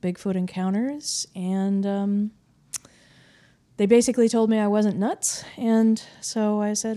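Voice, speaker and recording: Mellow-voiced woman telling her story. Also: medium pitch, measured pace. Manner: animated storyteller, frequent "like" and "um". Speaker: interview guest. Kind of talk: recounting a personal encounter.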